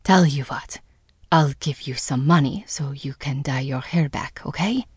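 A woman voicing a meek mother in her forties who speaks gently in a hushed, half-whispered way. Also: low voice, unhurried, breathy edge, no echo, studio quality, full character voice. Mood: tender hushed.

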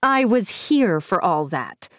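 A woman's voice: very animated, a little slow, no room sound, clean studio sound. A woman reading an audiobook, voicing a weakened, imperious villainous sorceress who seethes and snaps. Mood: furious. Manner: seething, snapping, shrill. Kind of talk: audiobook character voice.

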